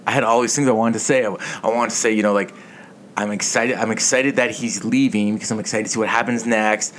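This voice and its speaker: A man's voice: lowish voice, fairly even intonation, quick pace, fairly bright tone, a little hiss or hum. A man hosting a casual sports podcast, telling stories in a rambling, swearing way. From Canada. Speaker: podcast host.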